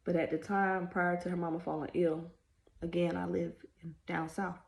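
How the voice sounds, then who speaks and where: A vlogger in her thirties speaks at a moderate pace with a fairly low pitch and level tone, telling an emotional family story. Rambling through this casual storytime, she fights back tears and apologizes as she goes.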